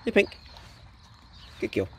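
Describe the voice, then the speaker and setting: A man's voice: slow pace, a little mellow, a little hiss or hum. A man with a New Zealand accent narrating a casual outdoor vlog on a farm, swearing freely and chatting to the animals. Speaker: vlogger and hunter.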